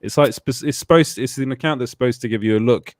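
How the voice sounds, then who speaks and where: A man's voice: medium pitch, quick pace, a little mellow, no room sound. A young man with an English accent telling stories in a casual, laughing, self-deprecating way as a co-host. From England. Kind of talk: casual livestream chat.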